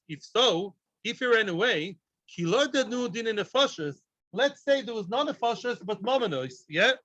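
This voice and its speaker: A man teaching a daily Talmud class, lively, asking and answering his own questions and speaking straight to his students. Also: high voice, no room sound. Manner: talks directly to students.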